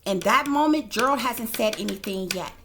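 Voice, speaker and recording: Blunt, fairly high-voiced woman psychic. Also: lively intonation, normal speed, a bit bright, a little hiss or hum. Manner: blunt, profane, addresses viewers directly. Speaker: psychic reader. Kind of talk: casual video commentary.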